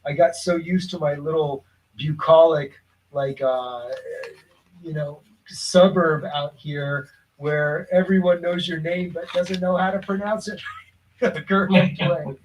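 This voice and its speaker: A man's voice: a little high, steady tone, slow pace, slight background noise, rough recording. A man chatting casually as a guest, telling a long rambling story with many restarts and fillers. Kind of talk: casual chat. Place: lives in a suburb of Lisbon.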